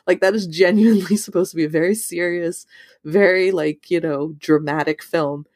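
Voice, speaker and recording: Brief: animated woman co-host, casual chat, dry close recording, lively swoops up in pitch. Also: moderate pace, no room sound. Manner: animated, pitch leaps on quoted thoughts, many "like" fillers. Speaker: podcast co-host. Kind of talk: casual movie discussion.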